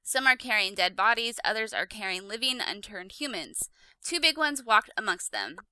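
Chatty giggly woman host, super bright voice, bouncy pitch, dry close mic. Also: big pitch swings, moderate pace, clean tone, no echo. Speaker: podcast host. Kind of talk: casual chat and reading a recap.

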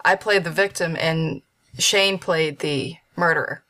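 Woman guest, hesitant talker with lots of fillers, a little low-pitched; casual interview chat. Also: fairly even intonation, measured pace, bright, forceful tone. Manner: hesitant, many fillers and restarts. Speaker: voice actor guest. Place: at home with a dog.

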